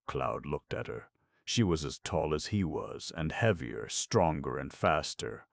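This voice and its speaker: A man narrating a science fiction audiobook in a measured, even reading. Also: a bass voice, vocal fry, no echo, studio quality. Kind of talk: scripted narration.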